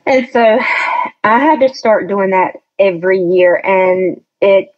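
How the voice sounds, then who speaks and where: On a dull lo-fi recording, a woman of medium pitch takes her time sharing a personal story as a podcast guest. Her casual storytelling is chatty and hesitant, full of restarts.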